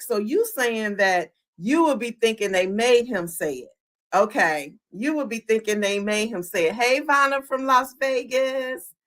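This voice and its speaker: A woman hosting a live podcast, retelling a show's scenes with energy and asking her chat questions. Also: a little high. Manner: animated, talks to the chat, acts out quotes. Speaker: podcast host. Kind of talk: live-streamed show recap chat.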